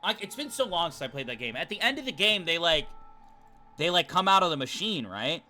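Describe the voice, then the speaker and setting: Bright excitable young male streamer. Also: a little high, a little fast. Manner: excitable, rambling, bursts into shouting jokes. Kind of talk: live game commentary. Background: faint game music.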